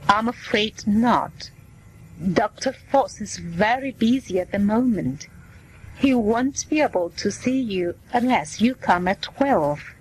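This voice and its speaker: A woman's voice: mid-range voice, expressive, breathy edge, poor audio. A woman reading as a polite clinic receptionist. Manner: slow, plain reading voice. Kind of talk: scripted dialogue for learners.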